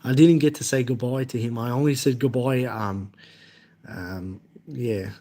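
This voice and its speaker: Casually replying to viewer comments on his stream, a young Australian man speaks in a halting, repetitive way with an Australian accent. His voice is mid-range and mellow.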